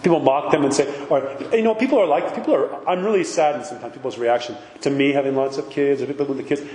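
A man with a mid-range, slightly mellow voice talks fast as he gives a conversational sermon in the role of a priest. He's emphatic and keeps asking his listeners rhetorical questions, heard in an echoey hall with faint noise.

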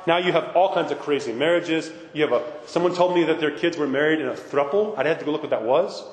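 A man's voice: a little high, fast. A middle-aged man giving an impassioned talk to a parish gathering, emphatic and insistent, often checking with the audience. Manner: emphatic, keeps asking "right?" and insisting he is serious. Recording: echoey hall with long reverb.

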